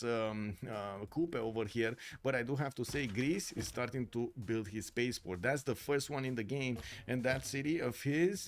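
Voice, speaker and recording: A man from Romania with a Romanian accent, commentating a strategy game tournament live, excitable and full of filler sounds. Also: mid-range voice, creaky, slight background noise. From Romania, Bucharest. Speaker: tournament caster and streamer.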